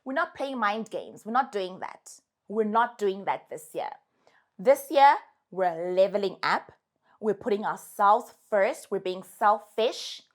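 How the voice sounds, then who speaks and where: A sassy, animated young South African woman gives casual, emphatic advice to her followers. Her voice is medium in pitch and her pace is slow.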